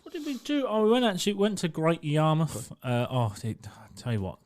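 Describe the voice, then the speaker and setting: Speaking into an arm-mounted studio mic, a young Englishman co-hosting a podcast spins sweary stories and laughs as he goes, putting on voices for quotes. His slightly high, slightly mellow voice swoops wildly in pitch, and he talks a little fast.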